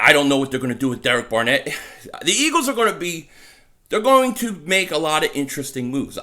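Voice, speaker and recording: A man gives casual fan commentary from his home mic. His voice sits a little high and comes across bright and forceful. He gets worked up easily, stammers and repeats phrases as he goes. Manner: excitable, repeats himself, stumbles over words. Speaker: sports vlogger. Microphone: desk mic.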